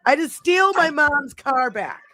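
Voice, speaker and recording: A middle-aged woman hosting a podcast, telling a long story in a casual, animated way, swearing freely and rambling. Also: high-pitched, a little slow, dry recording, studio quality. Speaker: podcast host.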